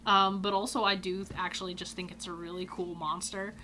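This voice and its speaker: A woman hosting a gaming video, telling a casual anecdote in an animated way, swearing freely and acting out quotes with loud cries. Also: lowish voice, brisk, slight background noise.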